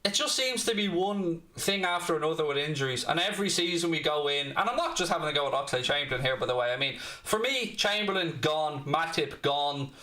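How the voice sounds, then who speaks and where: Dublin Irish host, blunt and cheeky, bright edgy voice, a bit high, roomy echo. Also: male voice, animated, a little fast, few pauses. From Ireland, Dublin. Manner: blunt, cheeky, swears freely. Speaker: fan channel host. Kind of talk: football watchalong chat.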